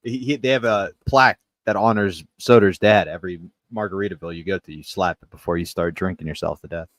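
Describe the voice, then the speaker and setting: A man's voice: low-pitched, fast talker, a bit bright, no echo. Dry-miked man joking around. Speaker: podcast co-host. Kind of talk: casual comedic chat.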